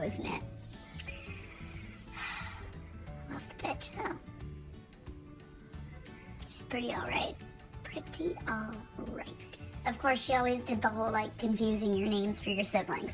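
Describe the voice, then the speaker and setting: A woman in her thirties talks straight to camera in a vlog, rambling from one joke to the next. Her voice is bright and fairly high, and she swears casually as she goes. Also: low-quality recording. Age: 30s. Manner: rambling, jokey, profane. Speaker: vlogger.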